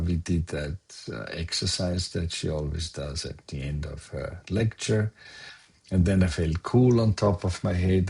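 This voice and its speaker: An older man, slowly recounting a personal memory in a soft-spoken storytelling manner. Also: deep voice, husky. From Austria. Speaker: guest sharing memories. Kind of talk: personal recollection.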